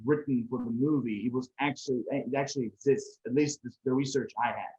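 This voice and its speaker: A man's voice: mid-range voice, steady tone, fairly quick, darkish tone. A man from Croatia co-hosting a podcast, chatting casually about a movie and rambling with many fillers. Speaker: podcast co-host. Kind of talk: casual movie review chat. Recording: echoey room, dull lo-fi sound.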